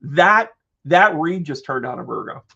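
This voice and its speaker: A fairly high-voiced man hosts a live tarot reading, bursting with exclamations, jokes and casual swearing as he calls out viewers by name. The stream audio is dull and lo-fi. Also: animated, moderate pace, a bit bright. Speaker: tarot reader and medium.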